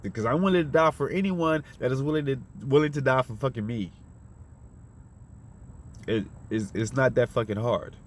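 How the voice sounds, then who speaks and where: A man of middle pitch rants in a fiery, preachy monologue, swearing freely and hammering at his listeners with rhetorical questions. A faint hum of background noise and passing vehicles sits under his voice. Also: moderate pace, long pauses. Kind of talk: unscripted monologue rant.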